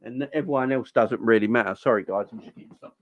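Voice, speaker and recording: A man's voice: medium pitch, rapid-fire, dry recording, muffled recording. Chatty man hosting a livestream. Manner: chatty, gives shout-outs and reacts to viewers' comments. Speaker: host of a football fan livestream. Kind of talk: casual livestream chat.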